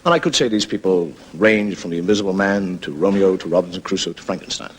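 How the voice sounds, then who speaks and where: A man's voice: deep voice, quick pace, a little hiss or hum, low-quality recording. A man with an Irish accent hosting a comedy show, telling stories and jokes in a wry, conversational way. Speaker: comedian host. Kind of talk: stand-up storytelling monologue.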